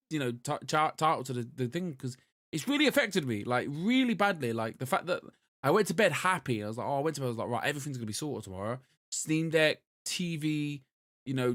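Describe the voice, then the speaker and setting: A man's voice: mid-range voice, a bit bright, no echo, studio quality. A man with a northern English accent co-hosting a podcast, rambling through a story with restarts and swearing. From northern England. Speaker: podcast co-host. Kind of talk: casual chat.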